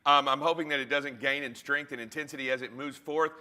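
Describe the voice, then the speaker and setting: A man's voice: medium pitch, steady tone, fast talker, sharp tone. A man co-hosting a live trucking broadcast and presenting the weather, speaking emphatically and often repeating words as he starts a sentence.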